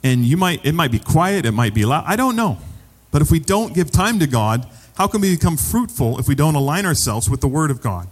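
A man's voice: fairly high pitch, sing-song, a little fast, few pauses, long reverb tail. A man preaching a sermon as pastor, conversational and repeating phrases for emphasis.

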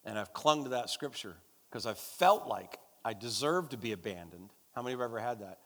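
This pastor speaks at medium pitch, animated and a little fast, as he preaches and leads prayer at a church service. He repeats himself emphatically and calls out to the congregation, and the church hall adds long reverb.

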